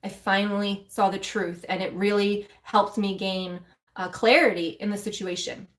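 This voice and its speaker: A woman's voice: mid-range voice, fairly even intonation, normal speed. A woman mentor and coach candidly telling her own story to viewers on a live stream, emotional and speaking straight to them in a loose, conversational way. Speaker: mentor and spiritual coach for women.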